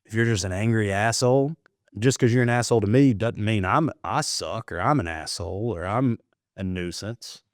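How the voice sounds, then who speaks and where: Relaxed male podcaster with a lower, deeper register, recorded dry and close, chatty and loose. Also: moderate pace, no echo. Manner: laid-back storyteller, calls people dude, swears casually. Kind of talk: casual podcast conversation.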